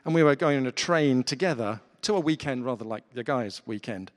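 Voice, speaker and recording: A man's voice: mid-range voice, lively intonation, brisk. A man preaching a sermon in an earnest, conversational way, with fillers, in a church hall.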